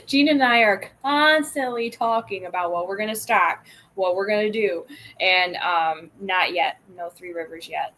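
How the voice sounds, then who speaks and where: A woman co-hosting from a knife shop, chatty and quick in casual conversation. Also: medium pitch, fairly bright tone. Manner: chatty, quick, laughs easily. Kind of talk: casual chat.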